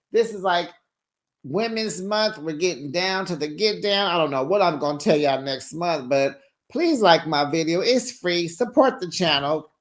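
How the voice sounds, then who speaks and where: Sassy, chatty reality TV recap host. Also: medium pitch. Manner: sassy, chatty storytelling with slang asides; acts out quoted people in changed voices. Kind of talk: casual recap commentary to viewers.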